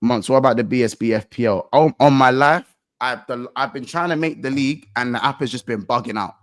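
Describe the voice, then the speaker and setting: A man's voice: mid-range voice, a little fast, dry recording, clean studio sound. Slangy young London man chatting. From England. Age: young adult. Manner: slangy, animated banter with frequent restarts. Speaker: football podcast host. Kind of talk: casual chat.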